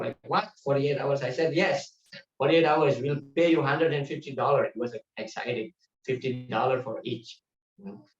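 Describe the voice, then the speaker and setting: A man teaching a devotional class, telling lively anecdotes with laughter. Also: mid-range voice. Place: temple hall. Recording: distant muffled mic in echoey hall.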